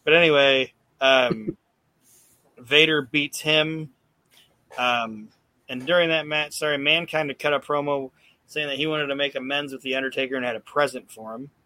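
A man hosting a podcast, retelling events in an animated, casual way and acting out quotes, swearing freely. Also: medium pitch, moderate pace. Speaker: podcast host recapping wrestling. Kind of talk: casual chat.

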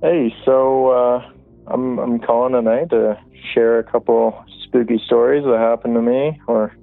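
A man's voice: medium pitch, steady tone, measured pace, vocal fry, no room sound, soft background music. A man calling in to a show to tell a spooky story in a casual, rambling way, full of fillers and restarts. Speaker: caller. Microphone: phone. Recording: tinny phone line.

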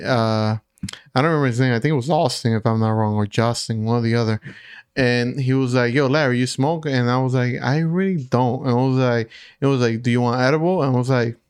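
A young man from the Dominican Republic, a podcast co-host telling a rambling, animated story full of fillers. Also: mid-range voice, smooth, no room sound, studio quality. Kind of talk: casual storytelling chat.

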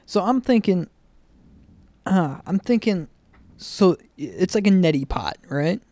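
A man co-hosting a comedy podcast, riffing a rambling, improvised pitch with many pauses. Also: lively intonation, warm tone, no room sound. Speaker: podcast co-host.

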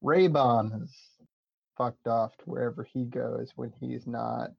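Gravelly man rambling in a tabletop game. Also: mid-range voice, fairly even intonation, a little slow, no echo, muffled recording. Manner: rambling, hesitant, dry humor. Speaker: player. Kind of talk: in-character tabletop role-play chat.

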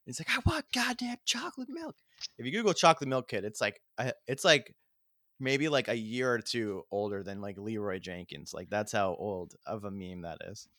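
A man's voice: fairly low pitch, normal speed, fairly bright tone, no room sound. Man with a dry close sound. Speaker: podcast co-host. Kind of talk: casual gaming chat.

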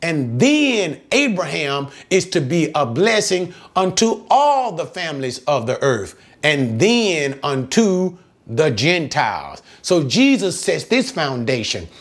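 A man's voice: a little high, sing-song, a little slow. A man preaching a sermon, teaching emphatically, repeating key phrases and asking his listeners rhetorical questions.

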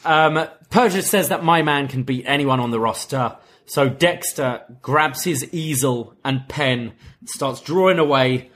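A man's voice: medium pitch, measured pace, a bit bright. A man co-hosting a wrestling podcast, recapping a show in casual chat and laughing as he acts out quoted lines.

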